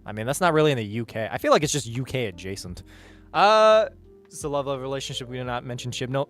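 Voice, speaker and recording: A man's voice: mid-range voice, animated, fast talker, a bit bright, faint music behind. A man chatting casually on a livestream, reading chat and rambling with hesitant, profane asides.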